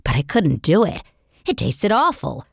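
A woman reads a children's story aloud in the first person, voicing a young boy telling his own tale. Her voice sits on the lower side but moves with animated, lively rises and falls. The sound is close and dry, with no room around it. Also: unhurried, vocal fry, no echo. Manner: expressive storytelling. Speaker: audiobook narrator.

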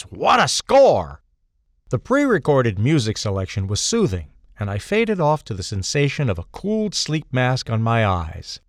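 An older man reading a comic first-person story in a playful, animated storytelling manner. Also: mid-range voice, no echo, studio quality.

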